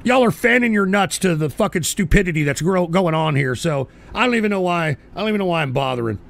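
A man hosting a live call-in stream, ranting belligerently at his chat and bursting into shouts, talking into a desk microphone. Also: sits high, expressive, quick pace, creaky. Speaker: call-in show host. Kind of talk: profane live-stream rant.

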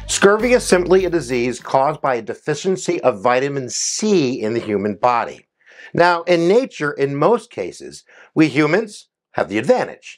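A man giving a quick history explainer in an energetic, jokey way, with playful asides to his viewers. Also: medium pitch, faint music behind. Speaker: history educator.

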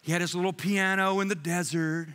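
A man's voice: high voice, a little fast, clean tone. A man preaching a sermon as pastor, telling stories with jokey asides and voicing the people he quotes. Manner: animated storytelling, jokey asides, quoting others in voices. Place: church sanctuary. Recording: church sanctuary with long reverb.

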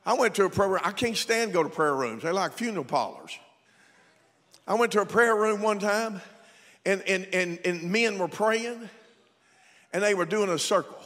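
A male pastor preaching a sermon, animated and comic, rising to shouts at his peaks. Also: high voice, normal speed. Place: church sanctuary. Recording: long reverb in a church.

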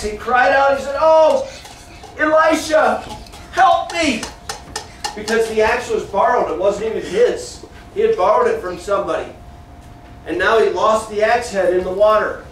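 A man with a strikingly high voice leads a children's Bible lesson, telling the story with animation and breaking off to keep the kids in line. He sounds far from the mic in a very echoey church classroom, with faint noise underneath. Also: fairly bright tone.

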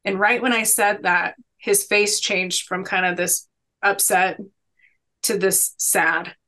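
A woman in her thirties speaks as a podcast guest, with a bright, ringing tone. She tells her stories earnestly and with emphasis, in a motivational way. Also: mid-range voice, fairly even intonation, slow. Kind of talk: conversational storytelling.

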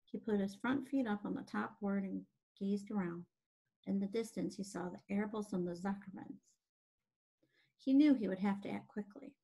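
A woman gently and expressively reading a children's book aloud as narrator. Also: medium pitch, normal speed, creaky, husky.

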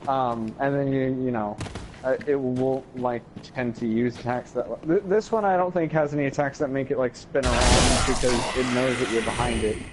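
A man coaching a friend through a video game, talking haltingly with many fillers and restarts. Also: mid-range voice, steady tone, background noise. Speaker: coach giving game tips. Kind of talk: casual gaming chat.

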